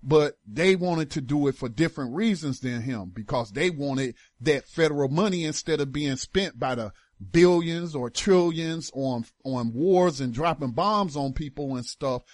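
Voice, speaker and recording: A man's voice: mid-range voice, lively intonation, moderate pace, few pauses, dry recording, clean studio sound. A man hosting a talk radio show, giving emphatic political commentary in casual with slang.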